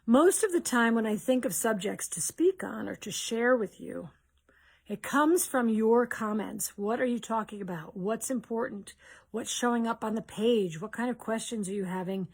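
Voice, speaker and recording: A woman's voice: a little high, moderate pace, darkish tone, breathy edge. A woman hosting a live question-and-answer stream, greeting viewers with cheers and talking casually with rambling restarts. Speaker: host of a live Q&A.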